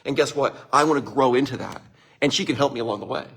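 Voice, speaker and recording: A man giving relationship advice in a live talk, chatty and animated, laughing often and speaking straight to his listeners. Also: mid-range voice, fast, gravelly, husky.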